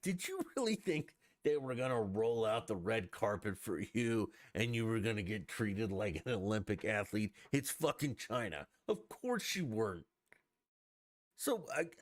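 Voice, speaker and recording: A man ranting on a live-streamed podcast, swearing freely and scoffing with exasperation. His pitch leaps up and down with animated emphasis, and the sound is close and dry with no room echo. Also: normal speed. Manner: profane, sarcastic ranting. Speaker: podcast host.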